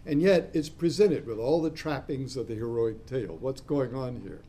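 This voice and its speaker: Guy lecturing a class, warm mellow voice, rambly asides, spells words out letter by letter. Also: mid-range voice, moderate pace. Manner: discursive, spells out terms letter by letter.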